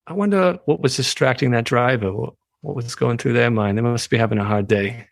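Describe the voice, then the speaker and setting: A man voicing a gentle, non-judgmental male squirrel puppet in the style of a calm meditation teacher with a New York tinge. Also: medium pitch, a little fast, creaky, no echo, studio quality, natural voice. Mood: gentle concern.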